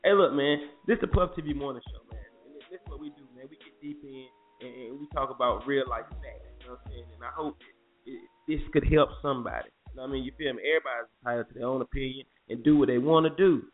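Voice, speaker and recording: A man hosting a casual morning talk show, animated and profane, preaching advice to listeners. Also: medium pitch, quick pace, faint music behind. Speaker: host. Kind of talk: casual chat. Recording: muffled phone-like audio.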